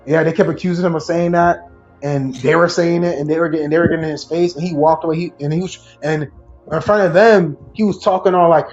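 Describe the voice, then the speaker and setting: A man hosting a casual podcast, telling stories in an animated, slang-heavy way. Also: a little high, fast talker, highs cut off, faint music behind. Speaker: podcast host.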